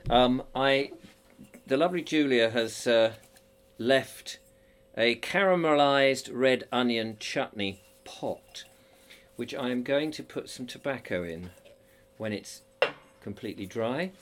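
A middle-aged Englishman, a podcast host, records a casual audio diary by the stove in his home kitchen, pottering about as he rambles and chats with self-amusement. His voice is medium-pitched and fairly bright, his pace slow, with a little hiss or hum in the background.

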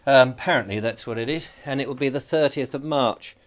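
A man's voice: mid-range voice, fairly quick. A middle-aged man in a casual audio diary, rambling and chatty while he potters in his kitchen. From England. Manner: rambling, chatty, self-amused. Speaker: podcast host. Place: home kitchen by a stove.

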